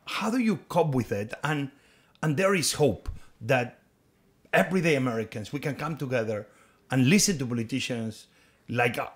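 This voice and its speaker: A man hosting a podcast interview, asking long questions and often searching for words and restarting phrases. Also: medium pitch. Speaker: podcast host.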